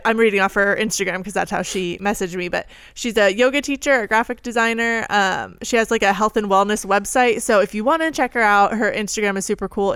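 A woman co-hosting a podcast in casual chat, breezy and quick to giggle. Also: medium pitch, a bit bright, clean tone, no room sound. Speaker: podcast co-host.

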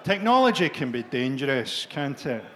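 A Scottish man performing a stand-up comedy set, profane and deadpan, jabbing at the crowd in a live venue. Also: medium pitch, moderate pace, a little hiss or hum.

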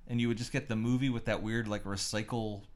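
Rambling low-voiced man chatting. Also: fast. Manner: rambling, animated storyteller, swears freely. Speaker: podcast co-host. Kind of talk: casual chat.

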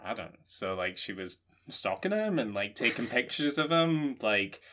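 A Scottish man co-hosting a podcast, riffing through jokes in a deadpan, rambling way. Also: mid-range voice, normal speed, a little hiss or hum. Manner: deadpan, rambling joking riffs. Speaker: podcast co-host. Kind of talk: comedic casual chat.

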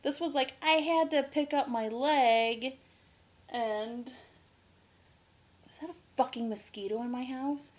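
A woman's voice: high-pitched, takes it slowly, long pauses. A woman co-hosting a podcast in casual chat, talkative, laughing often and swearing freely. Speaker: podcast co-host.

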